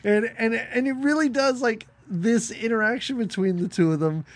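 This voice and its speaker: A man's voice: extremely high pitch, moderate pace. Sarcastic male podcast co-host. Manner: sarcastic, acts out scenes in mock voices. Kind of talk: casual chat recapping a miniseries.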